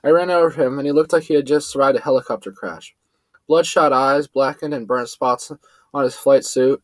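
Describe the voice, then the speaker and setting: A man's voice: moderate pace, dry recording, rough recording. A man narrating a first-person adventure story, lifting his voice for the characters' lines. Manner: lively, shifts pitch up for quoted characters.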